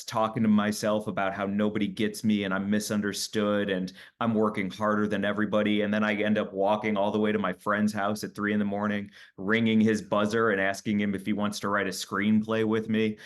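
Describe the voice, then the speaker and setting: This is a man with a fairly low voice, speaking as a comedian guest in a relaxed interview. He tells his stories candidly and with animation, and he often acts out what he said or thought. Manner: animated storytelling, acts out his own quoted lines.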